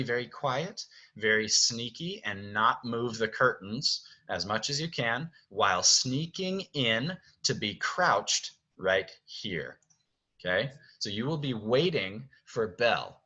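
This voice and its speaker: A man's voice: lowish voice, bright, forceful tone, breathy edge, highs cut off. A man directing actors from home, explaining stage blocking in a chatty way, often checking in with "okay?". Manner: chatty, keeps checking with "okay?", sings music cues. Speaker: theater director.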